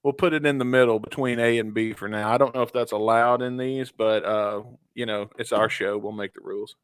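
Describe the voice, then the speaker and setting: A man's voice: mid-range voice, steady tone, fairly quick, smooth, no echo. A young man co-hosting a casual podcast, reading stories aloud in a laid-back way with small stumbles and fillers. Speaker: podcast co-host.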